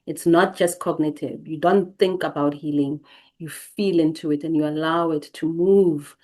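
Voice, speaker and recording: Woman host, lowish voice, gentle reflective teaching delivery with repeated emphatic phrases. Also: fairly even intonation, moderate pace. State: briefly emotional.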